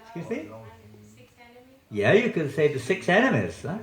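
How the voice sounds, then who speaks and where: A man's voice: a little high, huge pitch swings, normal speed. A man giving a scripture class as a visiting swami, chatty and joking, often quizzing his audience. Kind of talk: sermon with audience questions. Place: temple hall. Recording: echoey hall.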